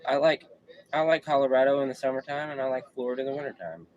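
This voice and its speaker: Casting: male streamer, laid-back and slangy, mid pitch, faint background noise. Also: flat delivery, fast, a little mellow, highs cut off. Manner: slangy, laid-back, repeats himself while reading chat. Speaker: livestream host. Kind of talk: casual live-stream chat.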